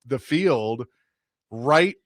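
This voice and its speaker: A man co-hosting a sports radio show in an easygoing way, his voice a bit sore from shouting. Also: mid-range voice, lively intonation, extremely slow, dry recording, clean studio sound. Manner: easygoing, chuckles often. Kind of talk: casual sports radio banter.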